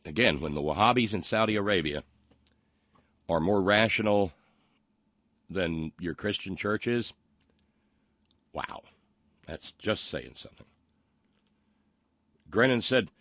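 Low-voiced guy hosting a political show, snarky and halting, super dry close sound. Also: a bit bright, no room sound. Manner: mocking, sarcastic, halting with many fillers. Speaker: political talk show host. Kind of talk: sarcastic political commentary with listener comments.

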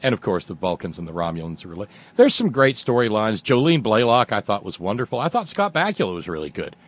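A man's voice: lowish voice, very animated, fast, no room sound. A man hosting a radio talk show, chatting casually and reading listener emails in a wry, rambling way.

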